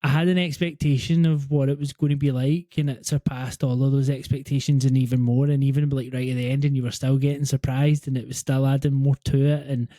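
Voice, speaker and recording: Mellow-voiced podcast co-host man. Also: medium pitch, little pitch movement, a little fast, few pauses, dry recording. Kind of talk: casual chat.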